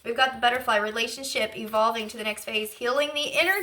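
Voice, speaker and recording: This is a woman giving a channeled tarot reading in a relaxed, rambling way. Her voice is bright and rather high. She talks with open emotion and piles in fillers as she works through what she is sensing. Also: quick pace, hardly any pauses. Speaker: intuitive tarot reader.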